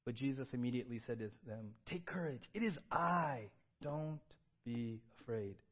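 Animated preaching man, slightly muffled. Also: mid-range voice, normal speed. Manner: animated, swings from loud excited bursts to quiet earnest tones; reads scripture aloud. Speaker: pastor. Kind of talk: sermon.

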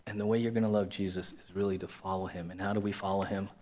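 A man's voice: deep voice, little pitch movement, fast talker, darkish tone. A man preaching a sermon as a pastor in a conversational way, repeating key phrases and acting out quoted voices.

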